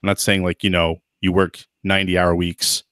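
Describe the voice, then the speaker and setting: Low-ish guy on a podcast, hedgy, lots of um and you know, dry close sound. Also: monotone, moderate pace, a bit bright, clear, resonant tone, no echo. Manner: thoughtful, hedging, many fillers and restarts. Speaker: podcast host. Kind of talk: casual podcast chat.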